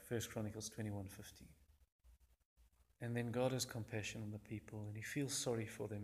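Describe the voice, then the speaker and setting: Man preaching with citations. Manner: cites verse references constantly, acts out quoted voices with sharp pitch jumps. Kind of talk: sermon.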